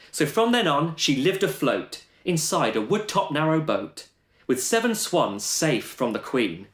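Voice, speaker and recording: A man's voice: medium pitch, a bit bright. A man telling a rhyming panto-style story with a playful, sing-song delivery. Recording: roomy echo.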